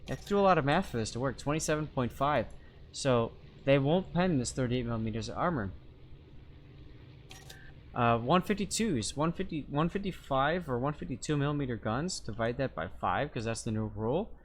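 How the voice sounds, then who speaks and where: A man's voice: medium pitch, lively intonation, fairly quick, slight background noise. A man streaming a naval game live, reading chat aloud and working through armor math step by step in a casual, talkative way. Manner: chatty, explains step by step, reads chat aloud.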